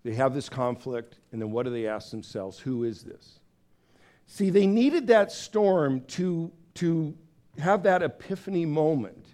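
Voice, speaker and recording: Pastor, male, slightly high voice, lively sermon delivery, acts out the characters. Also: measured pace. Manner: animated storyteller, acts out voices with big pitch swings; conversational, with fillers and restarts.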